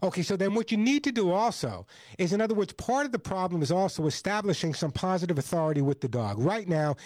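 A man's voice: sits high, expressive, fast talker, a little mellow, dry recording. A male radio host giving firm, repetitive advice to a caller on a call-in pet show. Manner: assertive, repeats points for emphasis.

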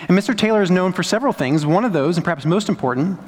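A young adult man, preaching a sermon as a pastor in a conversational, storytelling way with lively asides. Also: high-pitched, racing. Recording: long hall reverb.

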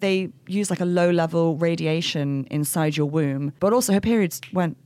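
A woman's voice: fairly low pitch, moderate pace, darkish tone, dry recording. A woman co-hosting a podcast, chatting casually and animatedly, laughing often and jumping between tangents. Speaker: podcast co-host. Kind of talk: casual chat.

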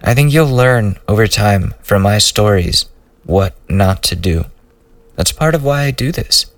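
Young man, podcast host, slow rambling delivery, swearing casually, dry sound a bit away from the mic. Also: on the low side, animated, no echo, far from the mic. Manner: loose, rambling, profane storytelling. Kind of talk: casual solo storytelling.

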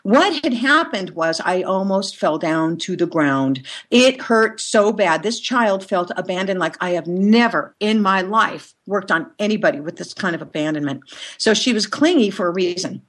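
A woman working as an energy healer, guest in a conversation, telling stories in a lively way with frequent laughter. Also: medium pitch, normal speed. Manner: lively, laughs often, animated storytelling. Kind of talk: storytelling in a conversation.

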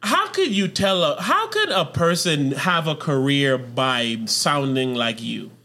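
A man co-hosting a podcast in casual, loose chat, laughing and jumping into quick impressions. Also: on the high side, sing-song, bright, forceful tone. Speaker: podcast co-host.

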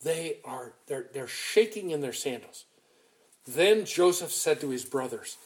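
A man preaching a sermon, retelling a scripture story in an animated, emphatic way with frequent restarts. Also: a little high, a little slow.

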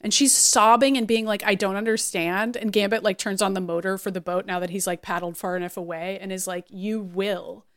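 A woman's voice: medium pitch, steady tone, fast talker, few pauses, a bit bright. A woman co-hosting a podcast, recapping an episode in casual chat, acting out the characters' lines with swearing and laughter. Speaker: podcast co-host.

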